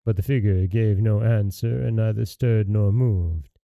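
Brief: male fairy-tale reader, dark gravelly voice, very dry close recording. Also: lowish voice, no room sound. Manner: measured storybook narration. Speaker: storyteller host. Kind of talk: reading a fairy tale aloud.

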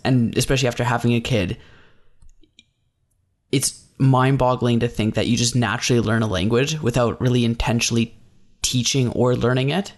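A man contributing to a podcast in casual chat, telling stories animatedly and playfully. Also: mid-range voice.

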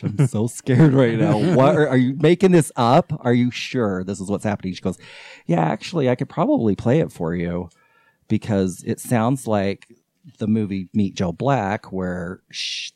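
A man's voice: deep voice, no echo, studio quality. A man on a podcast telling a long personal story about a strange night, acting out the voices of the people in it. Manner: animated, acts out quoted voices. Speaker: podcast guest. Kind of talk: casual storytelling.

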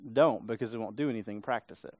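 A man's voice: on the low side, quick pace, a little mellow. A male pastor preaching a sermon in a casual, conversational way, often checking in with his listeners. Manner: casual, conversational preaching with frequent tag questions. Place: church sanctuary.

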